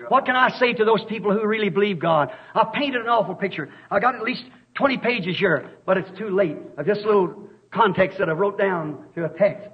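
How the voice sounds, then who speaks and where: A man's voice: sits high, fairly quick, hardly any pauses, slightly rough. Fiery preacher man on an old tape. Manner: impassioned, rising to shouts, storytelling asides. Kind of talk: fiery revival sermon. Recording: dull lo-fi old sermon tape.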